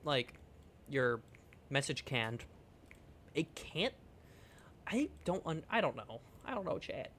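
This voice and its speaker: A man's voice: medium pitch, big pitch swings, takes it slowly, long pauses, a bit bright, slight background noise. A man streaming a video game, chatting casually with viewers in a playful, rambling, jokey way with some swearing. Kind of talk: casual game livestream chat.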